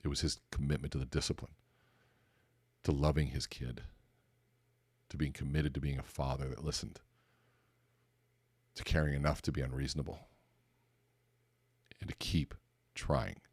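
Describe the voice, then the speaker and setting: A man's voice: very deep voice, normal speed, long pauses, husky, dry recording. A man hosting a podcast, giving a motivational talk on conversation and acting out the dialogue of his stories. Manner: animated storytelling, acts out dialogue in a raised voice. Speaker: podcast host and speaker coach.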